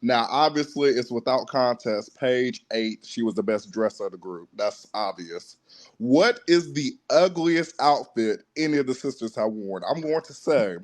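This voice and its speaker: A man co-hosting a casual chat, sassy and quick to laugh. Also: mid-range voice, expressive. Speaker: co-host, friend.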